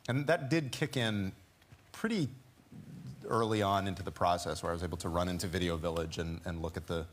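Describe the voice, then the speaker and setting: A man in his forties, a voice actor talking casually as a talk show guest, animated and quick to slip into character voices. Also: low voice, slight background noise.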